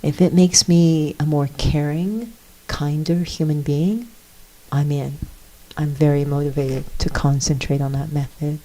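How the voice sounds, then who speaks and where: Low, mellow-voiced woman, soft and earnest. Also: steady tone, a little slow, rough recording. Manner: soft-spoken and earnest, with hesitant fillers. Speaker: guest speaker, meditation teacher. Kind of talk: reflective spiritual talk.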